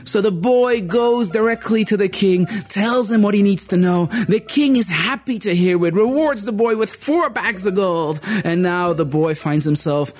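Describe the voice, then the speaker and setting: A man performing a folk tale as a storyteller, expressive and dramatic, shifting pitch and pace. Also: normal speed, few pauses, soft background music.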